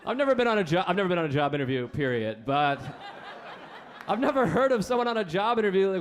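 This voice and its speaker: A man doing a stand-up comedy set on a club stage, with a deadpan, self-deprecating delivery. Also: high-pitched, fast talker, a little hiss or hum. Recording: live club set with faint crowd. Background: audience laughter.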